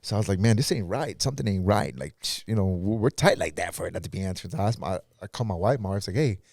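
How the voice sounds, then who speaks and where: A man's voice: low-pitched, expressive, fast, vocal fry, a little mellow, no room sound, studio quality. A pastor guest in a podcast interview, telling his own story in a casual, earnest way and acting out what others said.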